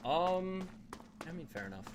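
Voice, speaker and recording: A man's voice: on the high side, very animated, a little slow. Aussie guy streaming a game, chatty, laughs a lot, faint hiss behind. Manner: chatty, laughs often, reads chat aloud. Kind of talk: casual live-stream chat while gaming.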